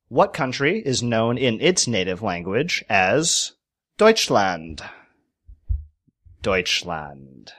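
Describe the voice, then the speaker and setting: A man's voice: medium pitch, sing-song, unhurried, hardly any pauses, fairly bright tone. A man hosting a quiz on a casual podcast, playful, spelling out words letter by letter. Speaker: quiz host.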